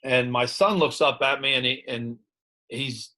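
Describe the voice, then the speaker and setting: A man in his thirties with a Midwestern American accent, a high school head football coach, reflecting candidly in an interview with many restarts and fillers. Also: fairly even intonation, measured pace, pushed and bright.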